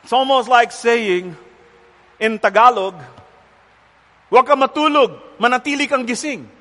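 A male pastor delivers a sermon with a high, bright, ringing voice. He speaks deliberately and with emphasis, repeating key words. The sound carries a long hall reverb. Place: church center with rain on the roof.

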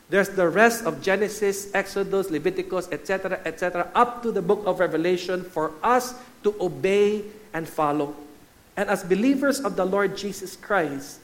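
A man preaching a sermon, emphatic and repetitive, calling out to his listeners as church and guys. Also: sits high. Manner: emphatic, repeats key phrases, addresses listeners as guys and church.

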